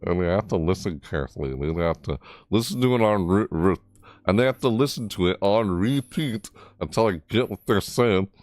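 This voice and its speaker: Low-pitched man, gaming vlogger, rambling and easily amazed, lively swings, dry close sound. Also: moderate pace, no echo. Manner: voice jumps high in surprise. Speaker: gaming YouTuber. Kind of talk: casual game commentary.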